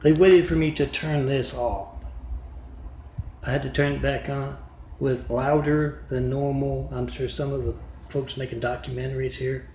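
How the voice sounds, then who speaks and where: A man's voice: medium pitch, steady tone, normal speed. A man delivering a rambling, repetitive ranting monologue on a home video, with frequent hesitations. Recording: roomy dull lo-fi recording with faint noise.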